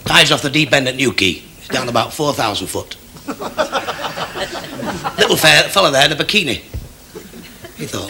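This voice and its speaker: A male stand-up comedian telling quick jokes in a brisk, matter-of-fact way, chuckling at his own punchlines. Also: medium pitch, big pitch swings, noisy background.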